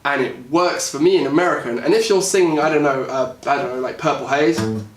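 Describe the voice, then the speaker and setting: A man with a British accent talking casually about how he interprets a song, thinking aloud with lots of fillers and pauses. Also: fairly high pitch, far from the mic, faint music behind. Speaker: singer and music YouTuber. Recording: echoey room, voice a bit off-mic.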